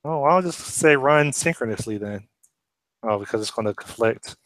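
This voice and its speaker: A man's voice: medium pitch, lively intonation, normal speed, a bit bright, no room sound. A man chatting casually while programming, thinking aloud and asking questions as he works. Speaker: programmer sharing his screen. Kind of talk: casual pair-programming chat.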